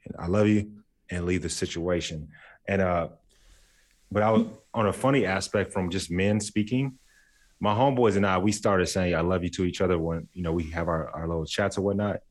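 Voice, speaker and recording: A man's voice: deep voice, brisk. A man co-hosting a casual chat, playful and jokey, laughing as he imitates his friends. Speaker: podcast co-host.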